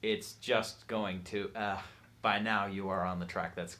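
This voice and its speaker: A man narrating as game master, explaining things in a relaxed way with frequent fillers. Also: lowish voice, a little slow.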